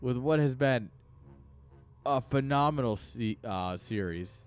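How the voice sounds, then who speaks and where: Excitable male game caster, joking. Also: mid-range voice, slow pace, clear, resonant tone, soft background music. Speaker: esports caster. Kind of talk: live game commentary.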